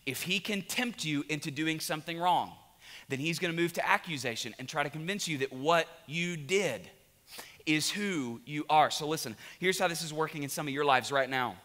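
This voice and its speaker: Male pastor, bright clear tone, animated storyteller, long hall reverb. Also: on the high side, moderate pace. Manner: animated, joking storytelling then quiet confession. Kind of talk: sermon. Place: large church auditorium.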